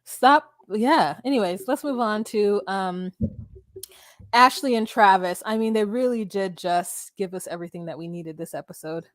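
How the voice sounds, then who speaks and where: A woman's voice: medium pitch, normal speed, no echo. Woman, podcast co-host, casual recap, joking storyteller, dry sound. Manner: storytelling, retells scenes in a relaxed, joking way.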